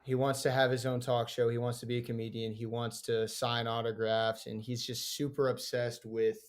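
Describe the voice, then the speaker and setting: A man's voice: mid-range voice, flat delivery, moderate pace. A man co-hosting a podcast, casually explaining a film's premise and why it matters, with some restarts. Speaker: podcast co-host. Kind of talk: casual film discussion.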